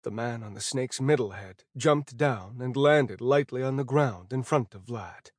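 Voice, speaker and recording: A man's voice: medium pitch, a little slow, no echo. Male audiobook narrator, dry close sound. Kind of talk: first-person fantasy audiobook narration.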